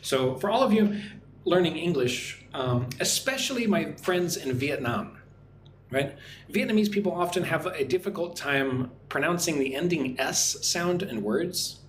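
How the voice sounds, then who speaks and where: Man, English teacher on a livestream, slightly high voice, friendly and repetitive, roomy echo. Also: lively intonation, a little hiss or hum. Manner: friendly, repeats "right?" often, slow careful modelling of words. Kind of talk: live-streamed English lesson. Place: home in Vietnam. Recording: echoey room with faint ambience.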